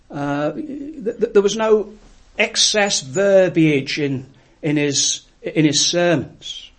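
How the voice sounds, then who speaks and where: A man preaching a sermon, telling a story in an earnest, reflective way with frequent pauses. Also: fairly high pitch, animated.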